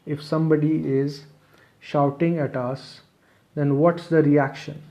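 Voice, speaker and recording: A man's voice: a little high, little pitch movement, unhurried, mellow. A man presenting a webinar lecture, explaining step by step, repeating his phrases and checking in with "okay". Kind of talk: online lecture.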